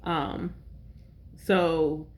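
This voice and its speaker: A woman hosting a podcast, talking casually about names and numerology, pausing often to correct herself. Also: deep voice, steady tone, a little mellow. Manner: conversational, with self-corrections and fillers. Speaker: podcast host and priestess. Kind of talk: casual spiritual talk.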